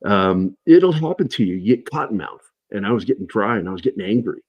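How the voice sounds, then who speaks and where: A middle-aged man telling animated stories in a casual livestream chat, his voice husky and low. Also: fairly quick, dry recording, dull audio. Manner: animated anecdotes, shouting in quoted lines. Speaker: guest.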